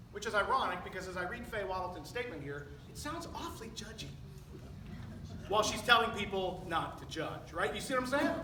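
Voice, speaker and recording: A man's voice: high-pitched, expressive, fairly quick, bright, forceful tone, a little hiss or hum. A middle-aged male pastor preaching a sermon, emphatic and full of rhetorical questions to his congregation. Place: church sanctuary. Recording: echoey church recording from a distance.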